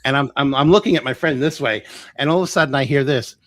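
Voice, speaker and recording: A man telling a personal story as a guest on a live interview show, his pitch rising and dipping as he acts out other people's voices. He talks casually and keeps restarting his sentences. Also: quick pace, dry recording. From Florida. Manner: animated, acts out quoted voices, restarts often. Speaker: guest healer.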